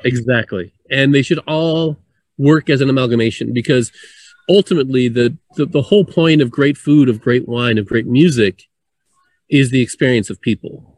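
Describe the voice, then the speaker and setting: Male co-host, mid pitch, easygoing and chatty, dry close recording. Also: moderate pace, no room sound. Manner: relaxed, chatty, laughs between points. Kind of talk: casual conversation.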